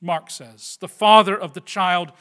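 A man preaching a sermon with earnest delivery, moving from loud, stressed phrases to quiet asides and often turning to the listeners with questions like "right?". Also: high voice, steady tone, a little slow. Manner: addresses the listeners directly with tag questions. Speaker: pastor.

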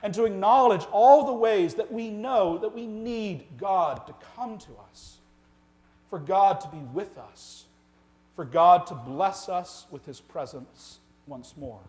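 A man preaching a sermon as the pastor of his church, earnest and full of rhetorical questions, swinging from loud emphasis to quiet, slow lines. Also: sits high. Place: church sanctuary.

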